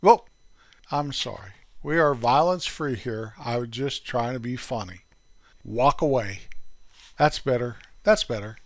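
A man hosting a podcast, telling corny puns and comic stories in a deadpan way. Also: fairly high pitch, dry recording. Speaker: podcast host. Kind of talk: comic storytelling.

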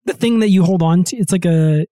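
A man's voice: high-pitched, a little fast, warm tone, no room sound. A man hosting a comedy podcast in casual chat, rambling, with lots of restarts. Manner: rambling, full of fillers and restarts.

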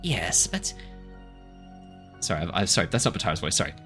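A bright-voiced man narrating a tabletop game as its game master. He chats loosely with a lively, swinging pitch and fills his lines with 'like'. Soft music plays under the talk. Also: fairly quick. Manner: chatty, laughs often, lots of 'like'.

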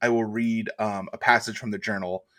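A man co-hosting a comedic podcast, reading a made-up journal aloud in a deadpan, playful way. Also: fairly low pitch, a little fast. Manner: deadpan comic reading with bursts of energy. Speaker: podcast co-host.

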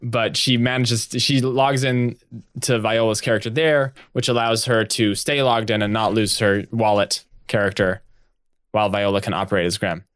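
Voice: mid-range voice, steady tone, moderate pace, dry recording, studio quality. A player in a tabletop game narrating and chatting in a rambling, laughing way. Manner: rambling, laughing, many restarts.

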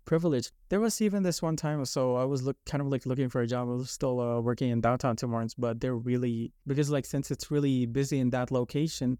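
Rambling young man, mellow low-key voice. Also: steady tone, fast, hardly any pauses, clear, resonant tone, dry recording, studio quality. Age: young adult. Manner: rambling, many likes and restarts. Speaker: podcast guest telling his story. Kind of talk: casual podcast chat.

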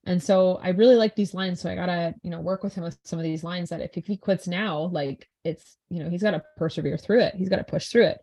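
Tired, chatty young woman, low-pitched. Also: fast talker, hardly any pauses, mellow, breathy edge. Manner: chatty, tired and yawning, many fillers like "right" and "you know". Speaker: teacher and podcast co-host. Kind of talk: casual podcast conversation.

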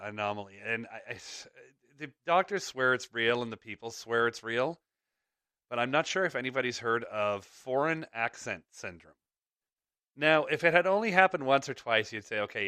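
A man's voice: mid-range voice, bright, forceful tone, smooth, dry recording, studio quality. A man hosting a podcast in rambling casual chat, chuckling between thoughts, with a slight clicky sound to his voice. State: slight clicky voice from ear infection. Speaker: podcast host.

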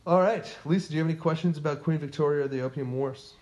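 A man's voice: on the high side, racing, a little mellow, highs cut off. A man co-hosting a casual history podcast, quizzing his co-host in a playful way.

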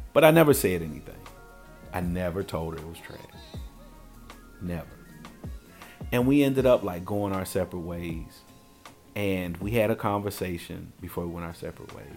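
A man with a lowish voice recounts a crude personal story in loose, profane conversational speech. He acts out quoted lines as he goes, with soft music underneath. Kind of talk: casual comedic storytelling.

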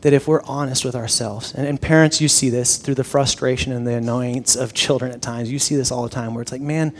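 A male pastor telling a personal story in a conversational sermon, animated, with frequent restarts and repeated words. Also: medium pitch, a little fast, a little hiss or hum.

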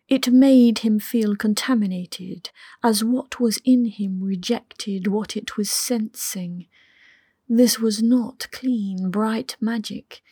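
A woman narrating an audiobook in a soft, intimate way that often drops to a whisper. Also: medium pitch, breathy edge, no echo, studio quality. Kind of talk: scripted narration.

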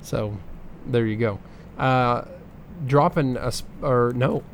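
A man's voice: medium pitch, slow, a little hiss or hum. A man co-hosting a casual podcast, running through figures with plenty of ums and uhs. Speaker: podcast co-host reading box office numbers. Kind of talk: casual chat.

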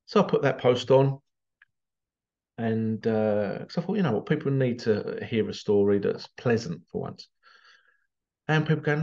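A man in a casual storytelling monologue, animated and conversational. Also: medium pitch, normal speed, vocal fry, highs cut off. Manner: animated, conversational, acts out quotes. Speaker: vlogger.

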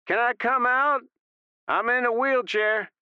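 A man voicing a bold gangster in a wheelchair who shouts from far off. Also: very high voice, unhurried, smooth, no room sound, phone-quality sound, voice pushed up. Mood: desperate shouting. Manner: shouting from a distance.

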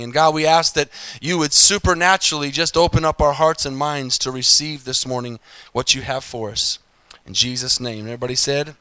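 Pastor storyteller, male, bright crisp voice, conversational sermon style. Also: a little high, no room sound. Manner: conversational storytelling preacher, playful asides. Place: church sanctuary.

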